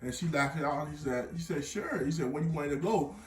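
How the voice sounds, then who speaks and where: A young man telling an animated storytime tale full of slang, with bursts of laughter. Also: on the high side, a little fast, recorded from a distance. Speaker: vlogger. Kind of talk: storytime vlog. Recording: echoey room, off-mic.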